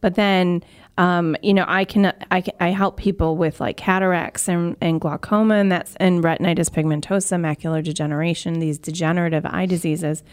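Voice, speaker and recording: Lower-voiced earnest woman. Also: fairly even intonation, brisk, smooth. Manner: earnest, explanatory, with fillers. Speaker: acupuncturist guest. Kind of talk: explaining on a talk show.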